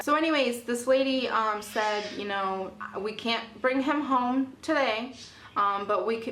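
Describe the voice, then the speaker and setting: A woman's voice: medium pitch, fairly bright tone, reverberant. A young woman telling a casual storytime about her parrot, chatty, with many fillers. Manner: chatty, many ums and you-knows. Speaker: parrot vlogger.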